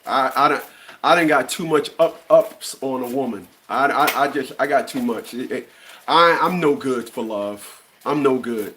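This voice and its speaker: A man's voice: mid-range voice, moderate pace, bright, forceful tone, a little hiss or hum. A man in his fifties delivering a blunt, profane opinion rant, often stumbling and repeating words as he restarts. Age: 50s. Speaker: commentary channel host.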